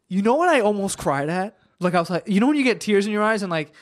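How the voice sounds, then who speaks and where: A man on a podcast rambles through excitable stories in relaxed, casual chat. He restarts his sentences often and drops swear words as he gets worked up. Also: sits high, a little fast. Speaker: podcast co-host.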